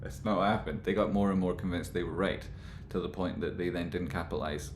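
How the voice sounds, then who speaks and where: A man rambling through casual stock market commentary, with animated, exasperated rants. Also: deep voice, fairly quick, roomy sound, background noise.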